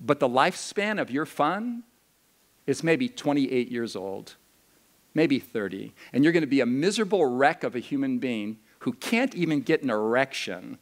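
A male pastor preaching to a youth camp. He moves between slow, solemn scripture reading and quick, joking asides. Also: medium pitch, lively intonation. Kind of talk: sermon to a youth camp crowd.

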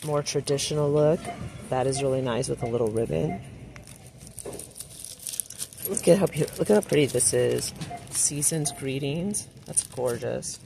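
Inside a large store, a woman with a very deep, gravelly voice vlogs her shopping trip, speaking a little slowly and pausing often over a noisy background. She chats and gushes over her finds, reading card greetings aloud.

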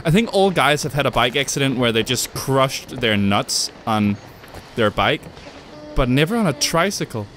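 A man's voice: mid-range voice, lively intonation, normal speed, fairly bright tone. A young man commenting as he plays a horror game, screaming and swearing at the scares and joking to himself. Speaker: gamer playing a horror game. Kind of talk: let's play commentary. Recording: clear game music underneath. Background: game music and sounds.

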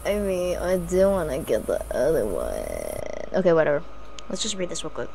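A woman's voice: on the low side, very animated, a little fast, long pauses, dark tone, breathy edge. A young woman from the United States playing a horror game, jumpy and joking to herself between bursts of swearing. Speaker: gaming streamer. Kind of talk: horror game let's play commentary.

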